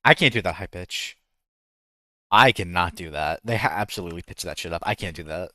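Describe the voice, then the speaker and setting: A deep, sharp-toned male voice comes through dry, clean studio audio at a brisk pace. He's chatting casually while streaming a game, wandering off topic, interrupting himself, and trying out voice impressions.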